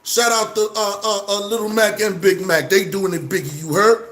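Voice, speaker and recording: A man with a Brooklyn accent talking casually to camera, animated, full of street slang and repeated shout-outs. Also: sits high, normal speed. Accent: New York, Brooklyn. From Brooklyn, New York. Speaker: vlogger. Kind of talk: casual direct-to-camera monologue.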